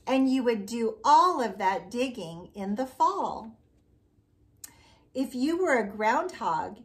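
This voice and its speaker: Woman, preschool teacher, high voice, slow sing-song talk for little kids. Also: sing-song. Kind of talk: circle time lesson for young children.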